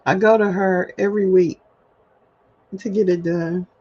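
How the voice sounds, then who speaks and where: A woman's voice: on the low side, fairly even intonation, measured pace, dark tone, slightly rough. A woman hosting a solo livestream, talking candidly and chattily to her viewers and laughing at herself, recorded at home. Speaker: livestream host. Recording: dull lo-fi livestream audio.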